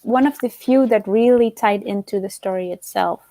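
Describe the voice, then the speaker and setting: A woman's voice: mid-range voice, normal speed, mellow, no room sound. A woman hosting a casual online book club discussion, chatty and giggly, often trailing off with fillers. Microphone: video call.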